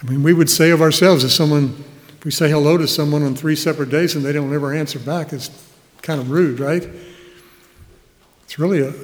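A man preaching a sermon, reading scripture verses aloud and explaining them with an easy, chuckling manner. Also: a little high. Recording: hall reverb.

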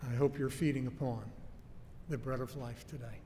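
A man preaching a sermon in an earnest, emphatic way, slowing down to stress key phrases. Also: mid-range voice, fairly even intonation, warm tone. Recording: faint noise and long hall reverb.

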